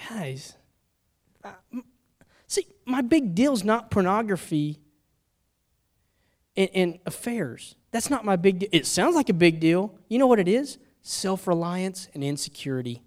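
A middle-aged man preaching a sermon, telling personal stories and moving between hushed, confessional moments and loud, urgent ones. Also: high-pitched, very animated, measured pace.

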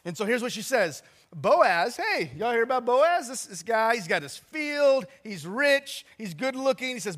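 A man's voice: high-pitched, big pitch swings, moderate pace, fairly bright tone. A man in his forties, a pastor preaching a sermon in a chatty, self-deprecating storytelling manner with asides to the congregation. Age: 40s.

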